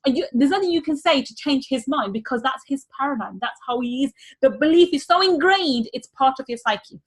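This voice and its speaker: A woman's voice: high-pitched, animated, a little fast. A woman money mindset coach teaching a workshop, repeating key phrases with energy.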